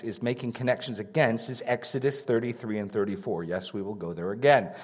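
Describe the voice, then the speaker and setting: A male pastor preaching an expository sermon, repeating key phrases and swinging between raised emphasis and hushed asides. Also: mid-range voice.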